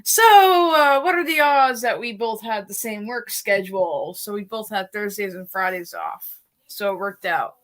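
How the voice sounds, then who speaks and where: A woman from the United States co-hosting a live stream and telling a story in a chatty, animated way. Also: mid-range voice. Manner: chatty, animated storyteller who laughs easily. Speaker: co-host. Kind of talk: casual conversation on a live stream.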